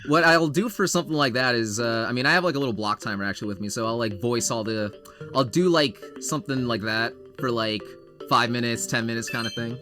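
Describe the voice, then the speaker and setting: A man's voice: mid-range voice, brisk, pushed and bright, soft background music. A man hosting a charity game stream, reading the characters aloud in many voices and chatting loosely.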